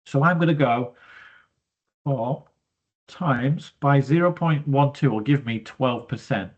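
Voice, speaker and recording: A husky, slightly breathy man walks through a maths exam question in a chatty, step-by-step way, thinking aloud as he goes. He sounds stuffy from hay fever and breathes through his mouth. The recording is dull and lo-fi. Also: medium pitch, slow pace. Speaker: maths teacher. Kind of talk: explaining a worked exam question.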